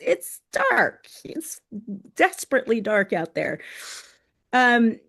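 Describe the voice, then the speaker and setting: A woman guest on a podcast, telling a lively story full of fillers and acted-out quotes. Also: mid-range voice. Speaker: guest, open water swimming crew member.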